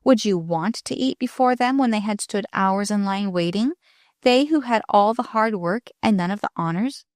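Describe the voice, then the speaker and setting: A woman voicing a composed young woman who speaks calmly and firmly. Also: mid-range voice, dry recording, studio quality, close to an everyday voice. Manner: calm, measured, quietly firm. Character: calm, composed young woman, cool and firm.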